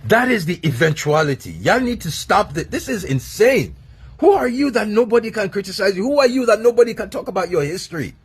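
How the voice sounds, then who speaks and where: A man with a husky voice, ranting heatedly to camera with repeated phrases and swearing. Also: high-pitched, very animated, fairly quick. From Nigeria. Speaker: online commentator. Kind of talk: angry rant to camera.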